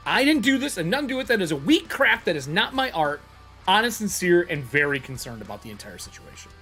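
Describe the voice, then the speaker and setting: A game master voicing a defensive, flustered female gnome metalsmith in a high voice. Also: sing-song, quick pace, pushed and bright, faint music behind. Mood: sincere.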